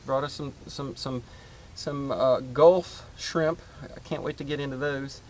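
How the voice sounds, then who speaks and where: A man's voice: mid-range voice, fairly even intonation, darkish tone, a little hiss or hum. A man hosting his homestead channel, chatting casually outdoors in his garden and rambling with lots of fillers. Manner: rambling, halting with many fillers.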